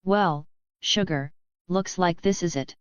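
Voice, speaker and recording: Rogue, a sassy Southern young woman with a drawl, read by a woman in a low, smooth voice. She speaks warmly in folksy slang. The sound is dull and dry. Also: takes it slowly, no room sound. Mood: tender farewell.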